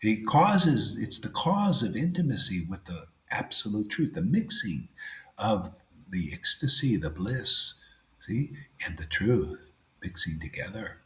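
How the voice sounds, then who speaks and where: A man giving a devotional sermon in a casual way, saying 'see' and 'man', and swinging between loud emphasis and near-whispers. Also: on the low side, very animated, a little slow, roomy sound. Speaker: spiritual teacher.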